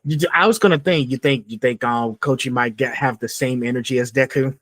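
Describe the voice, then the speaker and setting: A man's voice: medium pitch, brisk, a bit bright, no echo. A young man from Georgia in the US hosting a casual podcast interview, asking eager fan questions. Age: young adult. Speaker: podcast host.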